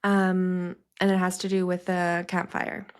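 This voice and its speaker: A woman's voice: lowish voice, completely flat delivery, measured pace. A young woman hosting a podcast, telling personal memories in a rambling, casual way with many fillers. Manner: rambling, many fillers, laughing through tears. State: crying at times. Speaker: podcast host.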